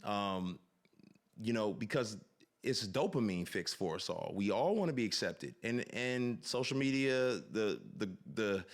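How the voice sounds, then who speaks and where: A man on a podcast earnestly reflects on authenticity and tells personal stories in an animated way. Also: on the low side, unhurried. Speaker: podcast guest. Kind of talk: reflective storytelling.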